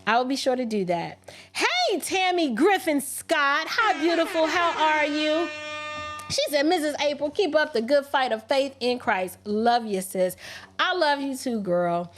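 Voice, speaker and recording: A woman hosting a casual livestream, reading viewer messages aloud and answering them with lively, sassy asides. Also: sits high, unhurried, a little hiss or hum. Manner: animated, talks back to viewers, slips into sassy mock voices. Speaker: livestream host. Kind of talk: casual livestream chat reading super chats.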